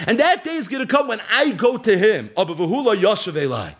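Animated, high-voiced man teaching Torah. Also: brisk. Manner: animated storytelling, reads verses then translates; acts out quotes with sudden high exclamations. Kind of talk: Torah lesson.

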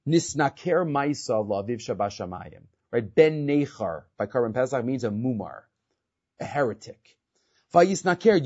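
An animated man teaching a Torah class, his pitch swinging up and down as he quotes and explains. He reads quickly and follows with casual, questioning asides. The recording sounds dull and lo-fi. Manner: animated, mixes quick Hebrew quoting with casual English asides.

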